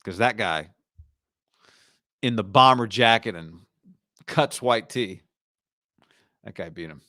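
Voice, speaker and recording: A man's voice: lowish voice, slow pace, bright, forceful tone, no echo. Emphatic male sports talk host, dry sound. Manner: emphatic, repeats lines for punch. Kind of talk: casual sports commentary monologue.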